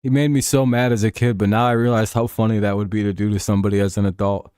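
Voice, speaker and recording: A man's voice: fairly low pitch, level tone, fast talker, darkish tone, smooth, no echo, clean studio sound. A young man hosting a casual livestream while watching football, joking, swearing and laughing often. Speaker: livestream host. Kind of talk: casual livestream chat over a football game.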